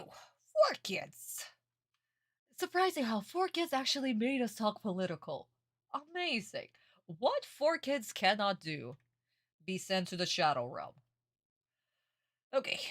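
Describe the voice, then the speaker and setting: Young woman reaction streamer; blunt, excitable, dry close sound. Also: mid-range voice, no room sound.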